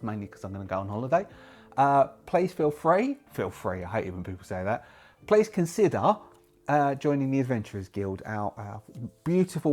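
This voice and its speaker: A man hosting a solo roleplaying channel, talking casually and rambling, often correcting himself mid-sentence. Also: mid-range voice. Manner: rambling, self-correcting, lively. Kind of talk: casual talk to camera.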